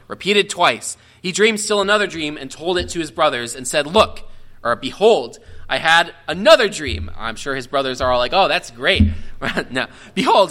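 Male Bible teacher, slightly high, bright voice, chatty and explanatory, restarts often. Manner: conversational, explanatory, checks in with "right?"; frequent restarts and self-corrections. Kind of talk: verse-by-verse Bible study teaching.

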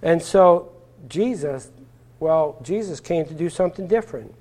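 A man's voice: fairly high pitch, animated, moderate pace, darkish tone. A man preaching a sermon, explaining scripture verse by verse with rhetorical questions and frequent filler words.

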